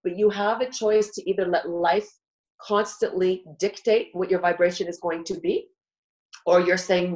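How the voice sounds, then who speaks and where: Earnest coaching woman, lowish voice. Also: steady tone, moderate pace, darkish tone, rough recording. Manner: earnest coaching, walks listener through steps. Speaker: guest speaker. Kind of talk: live talk show teaching.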